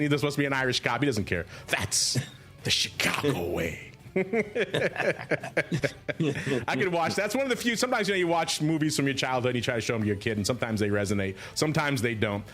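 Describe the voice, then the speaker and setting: A middle-aged man hosting a podcast in casual banter, animated and digressive, often slipping into movie quotes. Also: mid-range voice. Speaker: podcast host.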